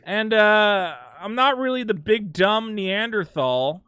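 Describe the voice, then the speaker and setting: A man hosting a call-in show, chatting in an animated way and sometimes breaking into loud mock shouting. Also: sits high, slow, clean tone, dry recording. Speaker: host.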